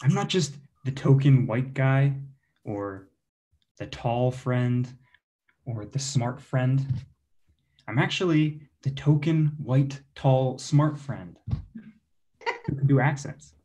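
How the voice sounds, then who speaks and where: A man's voice: mid-range voice, slow, long pauses, dark tone. A young man doing a self-deprecating stand-up comedy set for an online show, chuckling between his jokes. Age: young adult. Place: online show, home setup.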